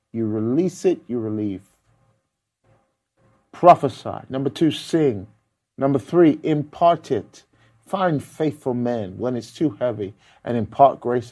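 Preacher guy giving a sermon, goes loud and emphatic then drops low and quiet, repeats stuff for emphasis. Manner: repeats key words for emphasis.

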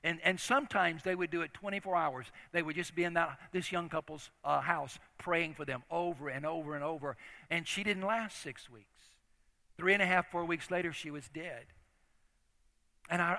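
A man's voice: fairly high pitch, moderate pace, sharp tone. An older man preaching a sermon as a story, talking in an earnest, conversational way with frequent restarts. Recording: long reverb of a large hall.

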